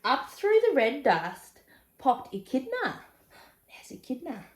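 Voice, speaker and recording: Expressive woman reading a picture book. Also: high-pitched, slow pace, roomy sound. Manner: expressive, chatty asides to young listeners. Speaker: storybook reader. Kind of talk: children's picture book read-aloud.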